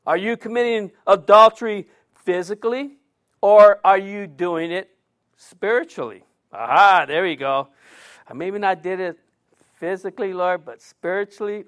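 A middle-aged man preaches in a loose, conversational way, firing off rhetorical questions and slipping in jokes. His voice sits noticeably high for a man. The talk has the easy flow of a pastor speaking to his own congregation. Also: clean tone. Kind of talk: sermon.

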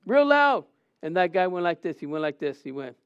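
A man's voice: fairly high pitch, fairly even intonation, fast, clean tone, no room sound, lo-fi sound. A middle-aged man preaching a sermon, questioning the congregation and acting out stories.

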